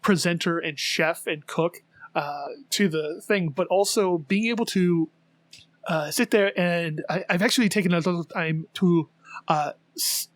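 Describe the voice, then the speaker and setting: A man co-hosting a casual podcast chat, rambling in an animated way with lots of fillers and restarts. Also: sits high, unhurried, no room sound. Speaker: podcast co-host.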